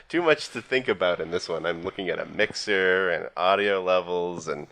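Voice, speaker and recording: Deep-voiced male player, self-deprecating humor, casual chat. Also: lively intonation, measured pace, fairly bright tone.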